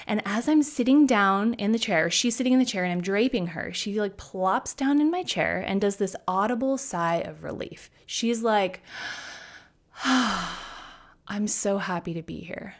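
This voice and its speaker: A woman, a hairstylist guest, telling a story in a casual chat, acting out quoted lines with lively shifts of voice. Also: mid-range voice, moderate pace, hardly any pauses. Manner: animated, acts out quotes in bright voices.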